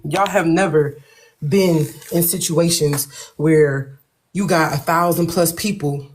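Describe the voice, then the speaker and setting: A woman speaking as a guest on a live stream, firm and measured. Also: low voice, soft background music. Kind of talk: casual live stream chat. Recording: clear noise behind.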